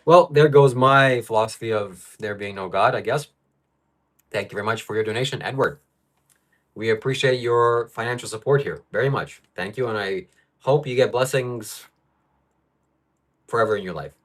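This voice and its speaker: A man's voice: medium pitch, normal speed, pauses often, fairly bright tone. Guy ranting on his live stream about dumb comments, annoyed, talks right into his desk mic. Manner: frustrated, ranting at viewer comments. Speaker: livestream host. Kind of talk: livestream talk.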